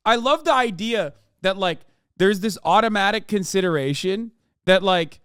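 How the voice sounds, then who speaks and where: A streamer gives casual, sarcastic reaction commentary, incredulous and quick to swear. His voice is smooth and high, recorded close and dry. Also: very animated, fairly bright tone, no echo.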